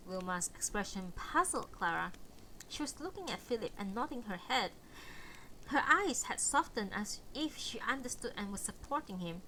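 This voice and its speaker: A woman reading a novel aloud for a live stream, in an expressive, storytelling way. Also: medium pitch, normal speed, a little hiss or hum, low-quality recording.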